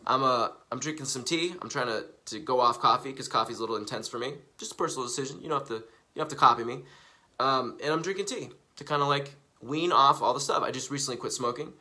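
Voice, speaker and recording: A young man talking casually on a live stream, animated and profane, rambling and repeating himself, jumping from loud bursts to hushed asides. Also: medium pitch. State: coughing from recently quitting smoking.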